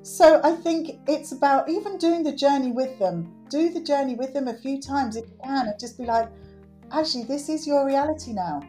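A woman's voice: high-pitched, normal speed, hardly any pauses, soft background music. A middle-aged woman, a guest in an interview, speaking earnestly and acting out quotes. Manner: earnest, animated, acts out quotes. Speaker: guest, works with children. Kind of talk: conversational interview.

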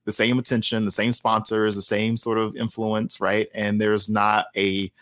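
A man taking part as a guest in a discussion, speaking in a measured, analytical way and often checking in with the listener. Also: on the low side, little pitch movement, fairly bright tone, dry recording. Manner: measured and analytical, often ends with a "right?" tag. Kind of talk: conversational discussion.

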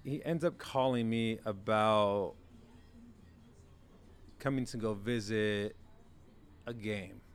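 A young man with a fairly low voice tells his stories in a relaxed, chatty way. He acts out the quoted lines, jumping up in pitch and volume whenever he imitates someone. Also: slow, pauses often. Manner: animated storyteller, acts out quotes with big jumps in pitch. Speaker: former college quarterback guest. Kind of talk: casual storytelling chat.

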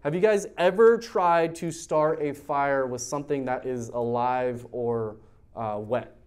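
A man's voice: medium pitch, measured pace, a little mellow, clean tone. Conversational male youth pastor teaching. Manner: conversational, asks the audience questions. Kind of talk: verse-by-verse teaching sermon.

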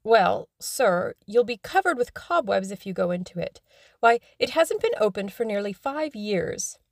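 A woman's voice: mid-range voice, big pitch swings, unhurried, vocal fry, no room sound, clean studio sound. A woman reading an audiobook, voicing a fussy elderly housekeeper who frets and scolds. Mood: fussing. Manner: fretful, scolding.

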